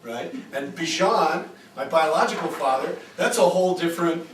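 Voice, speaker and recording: A man's voice: on the high side, normal speed. A man giving an informal lecture to a retreat group, telling stories and checking in with "right?". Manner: animated, chatty, rhetorical "right?". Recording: echoey room, distant mic, faint hiss.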